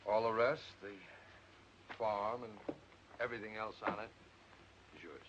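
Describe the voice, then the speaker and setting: An actor plays a young American heir to a horse farm who speaks plainly and earnestly, in a very low voice. The sound is muffled, like an old film soundtrack, with a faint hiss underneath. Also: male voice, unhurried, natural voice. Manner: earnest, decisive, plain-spoken. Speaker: horse owner. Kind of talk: 1940s film acting.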